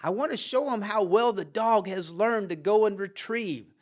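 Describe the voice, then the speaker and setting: A storyteller voicing an excited young boy proud of his dog. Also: medium pitch, moderate pace, natural voice. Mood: eager.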